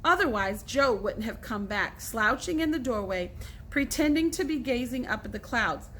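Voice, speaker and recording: Bright-voiced woman reading to students. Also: a little high, lively intonation, normal speed, slight background noise. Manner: warm storytelling with asides to the class. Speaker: teacher. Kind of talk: reading a novel aloud to students.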